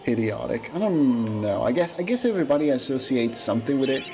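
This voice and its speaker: Man, Italian accent, native Italian speaker, casual streamer chat, mid-pitched voice, hesitant restarts, game music clearly playing behind. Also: lively intonation, quick pace, a little mellow. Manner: musing, opinionated, hesitant with restarts. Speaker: speedrunning streamer. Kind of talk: casual chat while gaming.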